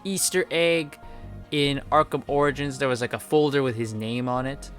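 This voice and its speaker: A man's voice: medium pitch, fairly even intonation, normal speed, fairly bright tone, soft background music. A man giving casual, enthusiastic video game commentary, rambling with lots of fillers. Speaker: gaming video creator.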